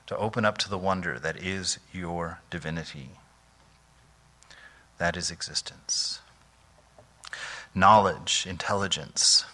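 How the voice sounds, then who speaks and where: A man's voice: low-pitched, sharp tone. A monk giving an informal spiritual lecture, conversational and full of restarts and "you know"s, laughing easily as he goes. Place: temple hall.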